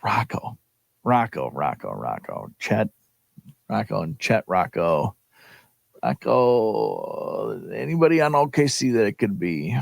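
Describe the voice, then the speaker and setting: Guy on morning sports radio, pitch jumps all over, laughs a lot, dry studio sound. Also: slow pace, gravelly, dry recording. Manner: animated, laughs easily, muses aloud while guessing. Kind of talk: casual sports radio banter.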